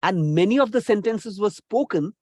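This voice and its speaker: Man giving an animated, dry lecture. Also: high-pitched, dry recording. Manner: deliberate, instructive, repeats key phrases. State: recovering from a cough. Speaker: English communication trainer. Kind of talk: recorded lecture.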